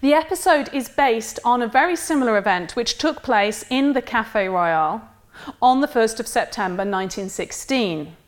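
A woman giving a literature lecture in a measured, wry way, reading quoted passages aloud. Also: a little high, animated.

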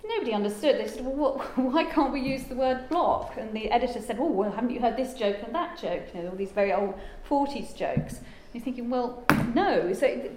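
A woman gives a relaxed, rambling lecture full of asides and filler words. Her voice sits in the middle of the range for a woman. The room is echoey, with a faint hum of ambience behind her. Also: on the high side, a little fast, few pauses. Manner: chatty, digressive, with frequent ums and asides. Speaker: lecturer and translator. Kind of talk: informal lecture.

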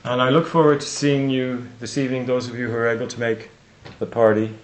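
An older man giving reflective closing remarks at a conference, and slowing down to stress lines of poetry. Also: medium pitch, level tone, slight background noise. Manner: reflective, recites poetry with slow emphasis. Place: lecture room. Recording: roomy hall echo.

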